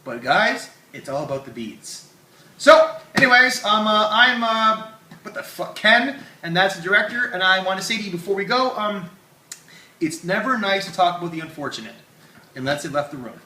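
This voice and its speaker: A man hosting a comedy show, rambling and joking with loud bursts, in an echoey room. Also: sits high, animated, moderate pace, distant mic. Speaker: comedy podcast host. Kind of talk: casual comedy banter.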